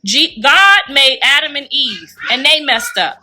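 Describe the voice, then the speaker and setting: A woman's voice: high voice, sing-song, unhurried, noisy background. A middle-aged woman with a froggy, Kermit-like voice, chatting animatedly to viewers on a livestream and laughing often. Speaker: livestreamer and mother. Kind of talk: casual livestream chat.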